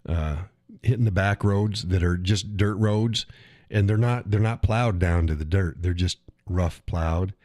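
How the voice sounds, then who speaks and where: A middle-aged man with a very low voice talks casually to his live stream audience. He rambles, restarts phrases and chuckles often. The sound is dry and close, with no room echo. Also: measured pace, a little mellow. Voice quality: chuckles often while talking. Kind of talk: casual solo chat.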